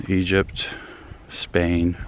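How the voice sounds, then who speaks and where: Low-voiced young guy rambling on a walk in the woods, kinda out of breath, faint outdoor air behind him. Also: monotone, drawn-out words, a little hiss or hum. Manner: rambling, self-deprecating, trailing off. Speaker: vlogger. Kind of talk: casual rambling vlog.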